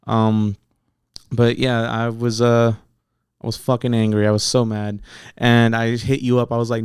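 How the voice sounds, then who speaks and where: A man in a casual interview, telling his story bluntly with plenty of swearing. His voice is smooth and clear, recorded close and dry with no room sound. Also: medium pitch, level tone, moderate pace, dry recording. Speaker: battle rapper guest.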